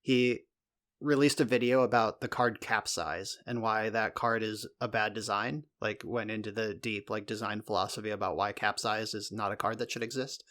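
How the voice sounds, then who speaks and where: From a home recording room, this podcast co-host rambles through casual chat, leaning heavily on fillers and dropping the odd swear. He speaks at a moderate pace in a lowish, fairly bright voice with fairly even intonation.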